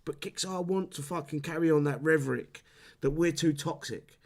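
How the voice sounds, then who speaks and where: A man hosting a casual live stream rants heatedly about a game, swearing a lot, repeating himself and restarting his sentences. His voice is a little high, at a moderate pace.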